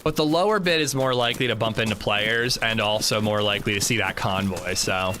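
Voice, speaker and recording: This streamer talks fairly quickly in a lowish voice over some background noise. He chats casually during his game livestream, telling stories, cursing, and performing the lines he quotes.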